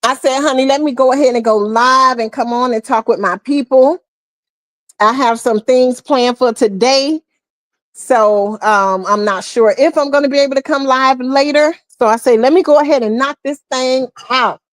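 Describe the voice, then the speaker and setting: A woman's voice: high voice, moderate pace, no echo. A woman hosting a casual live stream, greeting viewers one by one and calling them honey and boo.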